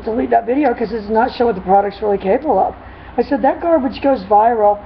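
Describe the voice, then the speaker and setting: A woman dog trainer chatting casually in a vlog, retelling a dispute in an animated, rambling way with frequent laughs. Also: fairly high pitch, quick pace. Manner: animated storytelling, laughs often. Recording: dull lo-fi with faint noise.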